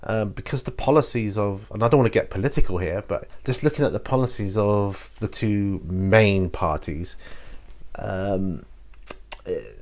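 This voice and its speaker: Guy rambling thru viewer questions on his channel, lowish voice, lots of ums. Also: darkish tone. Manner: rambling and hesitant, with many fillers and restarts. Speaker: YouTube channel host answering viewer questions. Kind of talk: casual solo chat to camera.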